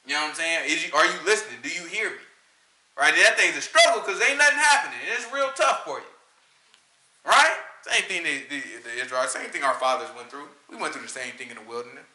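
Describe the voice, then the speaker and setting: Animated, bright-voiced man preaching casually. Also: fairly high pitch, quick pace, roomy sound. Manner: animated, conversational, slangy, asks "right?" often. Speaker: teacher leading a scripture study. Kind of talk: informal sermon.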